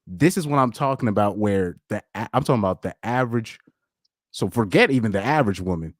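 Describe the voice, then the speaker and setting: A man hosting a casual live stream chat, talking in an animated, rambling way, with frequent laughs and repeated words. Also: on the low side, quick pace, no room sound, studio quality. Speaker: podcast host.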